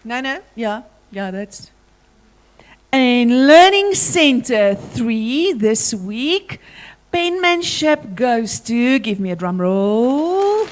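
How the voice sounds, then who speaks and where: A woman's voice: fairly high pitch, big pitch swings, drawn-out words, a faint crowd. A woman with a South African accent leading a school assembly, talking energetically and playfully as she calls out to pupils.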